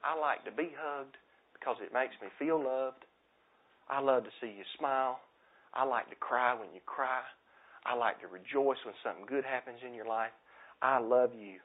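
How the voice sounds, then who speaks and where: A man preaching a sermon with passion, repeating his points and swinging from loud declarations to hushed asides. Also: medium pitch, normal speed. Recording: tinny phone-like sound.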